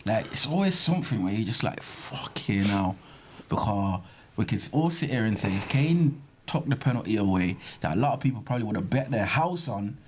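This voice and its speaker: Male host, slangy and animated, very lively pitch. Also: a little fast, slight background noise. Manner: animated and slangy, ranting about football. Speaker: podcast host. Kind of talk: casual football chat.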